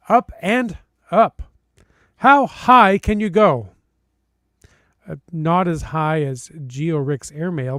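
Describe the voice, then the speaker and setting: A high-voiced male podcast host reads a listener's story out loud, hamming it up with playful emphasis and comic pauses. The audio is dry and close-miked, with no room sound.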